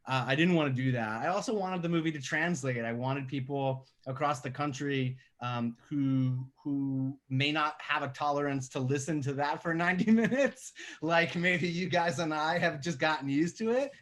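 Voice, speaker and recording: A man's voice: a little high, moderate pace, hardly any pauses. New man, thirties, podcast guest, conversational storyteller. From Staten Island, New York. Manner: conversational, animated when telling stories. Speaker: guest filmmaker. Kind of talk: podcast interview over a call.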